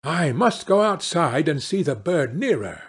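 A man playing a cheerful, contented father in a storybook reading, speaking gently. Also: a little high, big pitch swings, a little slow, breathy edge, heavily acted. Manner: gentle and pleased.

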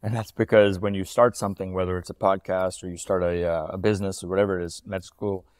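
A man in his thirties, a company founder talking as an interview guest, quick and fluent with frequent ums and uhs. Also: sits low, level tone, a little mellow, dry recording, clean studio sound. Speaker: startup founder and CEO, guest. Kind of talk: casual interview talk.

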